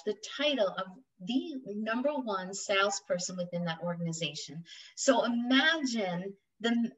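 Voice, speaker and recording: A woman's voice: fairly high pitch, fairly bright tone, recorded from a distance, low-quality recording. A woman hosting a podcast as a matchmaker, gushing and enthusiastic.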